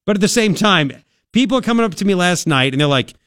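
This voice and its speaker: Animated man on talk radio, dry studio sound. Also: high voice, fast talker, no echo. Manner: animated, conversational, mocking impressions of others. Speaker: radio talk show host. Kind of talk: political talk radio monologue.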